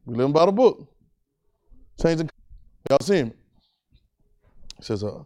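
A man's voice: a little high, very animated, measured pace, long pauses, darkish tone. Dynamic call-and-response preacher man. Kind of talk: sermon.

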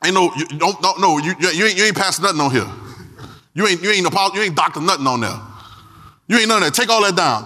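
A man's voice: high-pitched, pushed and bright, long reverb tail. A man preaching a sermon in an emphatic, repetitive way, calling out to the congregation.

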